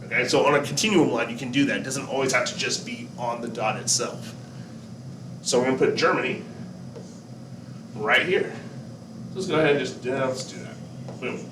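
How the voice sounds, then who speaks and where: A man teacher giving a relaxed classroom lesson, talking to his students, asking them questions and joking along the way. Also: medium pitch, noisy background. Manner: chatty, asks students questions, jokes. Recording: echoey room, distant mic, faint background.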